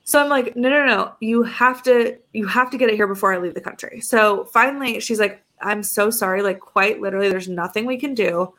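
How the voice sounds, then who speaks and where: A woman's voice: mid-range voice, brisk, few pauses, a bit bright. A young adult woman co-hosting a podcast, telling a story in a casual chat and acting out both sides of phone calls. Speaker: podcast co-host.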